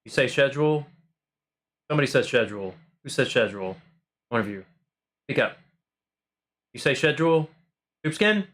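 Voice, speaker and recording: A man's voice: mid-range voice, lively intonation, moderate pace, pauses often, a bit bright. A man hosting a livestream, chatting casually and playfully with his viewers, rambling with frequent ums and repeated phrases. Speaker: livestream host. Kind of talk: casual chat with live viewers.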